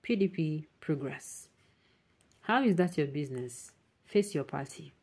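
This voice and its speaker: A woman's voice: sits low, animated, a little slow, a little mellow, breathy edge. A woman with a Nigerian accent hosting an online news show, reading viewer comments aloud and mixing in emphatic Pidgin asides.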